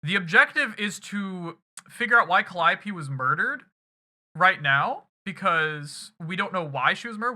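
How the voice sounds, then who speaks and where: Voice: medium pitch, pushed and bright. A streamer recapping a game to chat in a loose, rambling, casual way with some swearing.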